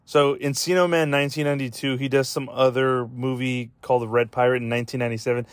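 A man's voice: medium pitch, level tone, fast talker, clear, resonant tone, dry recording. A man in casual podcast chat who rambles with lots of fillers and swearing, choked up and close to tears. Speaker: podcast host.

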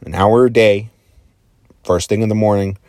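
A man giving a casual motivational monologue, earnest and rambling, drifting into quiet asides and casual swearing. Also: on the low side, fairly even intonation, normal speed, dry recording, studio quality. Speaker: motivational speaker.

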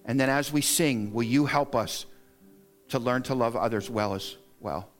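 A middle-aged male pastor delivers a sermon in a church sanctuary. He speaks earnestly in a mid-range voice, counting off practical points and pushing his pitch upward for emphasis. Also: moderate pace, soft background music. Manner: earnest and exhorting, lists points, rises in pitch to stress them.

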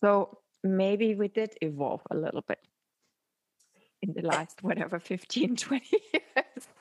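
A woman speaking in a casual, reflective conversation, thoughtful and often laughing softly. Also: mid-range voice, animated, unhurried, dry recording. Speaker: photographer and podcast host.

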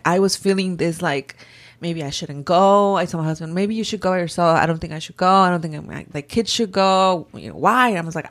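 A woman in casual chat, telling a story in an animated way and acting out the people she quotes. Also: lowish voice.

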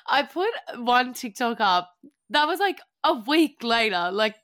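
Bright-voiced Australian woman, gushing. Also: fairly high pitch, big pitch swings, a little slow. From Gold Coast, Australia. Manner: gushing, emotional, swears freely, laughs often. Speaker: musician guest. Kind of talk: casual podcast chat.

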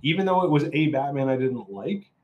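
A man's voice: on the high side, lively intonation, a little fast, dull audio. A man giving a casual, opinionated film review, rambling and often restarting his sentences.

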